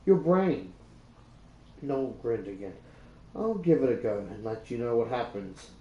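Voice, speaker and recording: A man's voice: medium pitch, lively intonation, normal speed, dull audio. Rambling Australian guy reading aloud, roomy echo. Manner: loose, rambling, with many fillers and restarts. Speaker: YouTuber reading a book aloud. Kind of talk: casual book reading and retelling.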